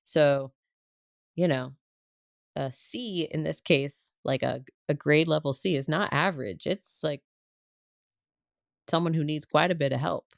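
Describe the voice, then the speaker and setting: A woman's voice: low-pitched, a little slow, gravelly, long pauses, no room sound, clean studio sound. A woman co-hosting a casual podcast, explaining clinical terms in a playful, plain way. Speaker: podcast co-host, speech-language pathologist.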